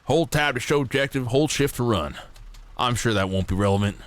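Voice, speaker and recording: A man's voice: on the low side, normal speed. A man streaming a game, chatting casually and jokingly, swearing often and reading game text aloud. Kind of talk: casual gameplay commentary. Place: home streaming setup.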